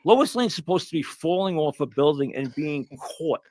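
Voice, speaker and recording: A man's voice: fairly high pitch, lively intonation, moderate pace, darkish tone, no echo, studio quality. A man in a played clip, ranting in disbelief and mocking what he has watched. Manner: incredulous, mocking. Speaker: film critic in a played clip. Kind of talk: ranting commentary.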